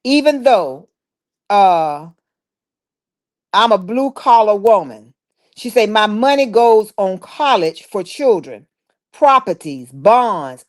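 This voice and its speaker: A woman hosts a relaxed livestream and reads her viewers' comments aloud one by one. She drawls along in a chatty manner and answers each one. Her voice sits at a medium pitch. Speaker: livestream host reading chat. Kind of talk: casual live chat.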